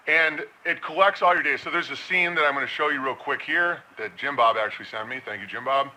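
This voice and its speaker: A man's voice: fairly high pitch, bright, forceful tone, poor audio. A man giving a casual, rambling commentary monologue, slipping into mocking impressions.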